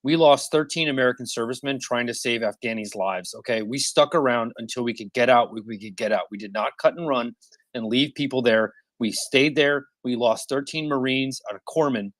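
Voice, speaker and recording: A man's voice: mid-range voice, a little fast, dry recording. A man in his thirties arguing passionately in an online audio discussion, insistent, cutting in and repeating himself. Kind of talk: heated debate.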